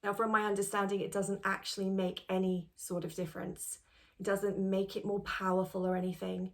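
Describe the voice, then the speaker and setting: Woman coaching gentle tapping steps. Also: mid-range voice, little pitch movement, fairly quick. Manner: gentle, reassuring, step by step. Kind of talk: instructional tutorial.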